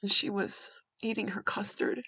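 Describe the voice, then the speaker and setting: A woman hosting a podcast, telling a personal story in a candid, conversational way with halting restarts. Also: medium pitch, little pitch movement, pushed and bright, breathy edge, no room sound. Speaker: podcast host.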